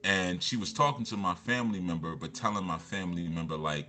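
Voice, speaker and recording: Deep-voiced man telling stories casually. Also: animated, a little fast, hardly any pauses, sharp tone, faint music behind. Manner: rambling, with many repeated fillers and restarts. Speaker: motivational speaker. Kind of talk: casual storytelling talk.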